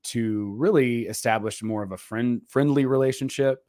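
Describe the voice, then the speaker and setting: A man co-hosting a podcast in casual, rambling conversation, full of fillers and throat clearing. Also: mid-range voice, normal speed, darkish tone, no echo, clean studio sound. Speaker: podcast co-host.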